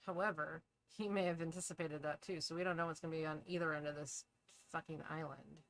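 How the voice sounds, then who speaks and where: A woman's voice: deep voice, fairly even intonation, fast, a bit bright. A woman playing a tabletop game, speaking in character in a wry, blunt way. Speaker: player.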